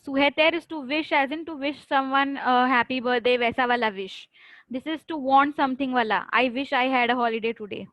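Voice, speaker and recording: A woman's voice: high-pitched, quick pace, a bit bright, dry recording, low-quality recording. A woman with an Indian English accent teaching a French class online, patient and repetitive, switching between English and Hindi and praising students by name. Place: online class via chat.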